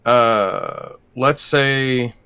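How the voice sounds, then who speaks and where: Bright, dry-sounding man playing a tabletop game. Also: mid-range voice, drawn-out words, clear, resonant tone, no room sound. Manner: hesitant, trailing off. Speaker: player. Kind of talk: casual tabletop game chat.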